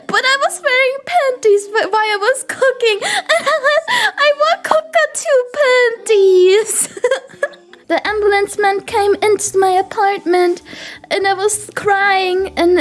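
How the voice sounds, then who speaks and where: A young woman, telling a story to her stream in a giggly, animated way. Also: extremely high pitch. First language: German. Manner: giggly, animated, breaks into laughter and sound effects. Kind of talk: casual storytelling to stream chat.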